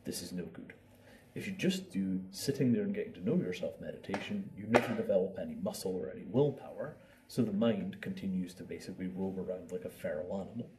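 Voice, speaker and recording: Talking fast in a low voice, a man leads a casual meditation session as its teacher. To get his ideas across, he dramatizes inner thoughts and repeats words, and the distant mic catches faint room noise.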